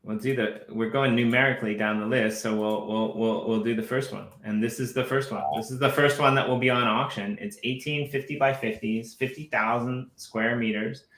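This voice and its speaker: Bright-voiced man in an echoey room. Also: medium pitch, fairly even intonation, normal speed, few pauses. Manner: rambling, repeats words, laughs often. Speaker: co-host. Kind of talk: casual live-stream chat.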